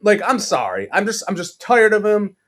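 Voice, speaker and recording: A man's voice: high-pitched, big pitch swings, moderate pace, fairly bright tone. A man with a New York accent, co-hosting a sports podcast and ranting in a profane, exasperated way with mocking impressions. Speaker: podcast co-host. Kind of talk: casual sports podcast rant.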